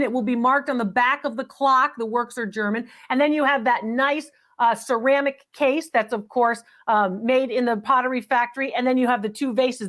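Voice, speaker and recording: A woman's voice: high voice, a bit bright. A middle-aged woman hosting a live call-in antiques appraisal show, upbeat and chatty.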